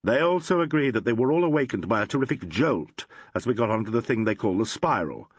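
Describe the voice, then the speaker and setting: A man with a husky voice, reading the part of a calm police inspector in an audiobook, politely and patiently questioning a group. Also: mid-range voice, quick pace, no room sound, highs cut off. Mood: courteous. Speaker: inspector in a crime novel.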